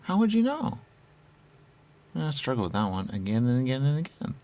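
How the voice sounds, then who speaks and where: A man telling a rambling improvised comic monologue, laughing often and swinging from shouting to muttering. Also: medium pitch, wildly swooping pitch, moderate pace.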